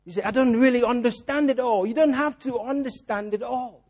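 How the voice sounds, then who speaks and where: A man's voice: extremely high pitch, a little fast, darkish tone. A male preacher giving a sermon in a church, repeating key phrases and putting rhetorical questions to the congregation.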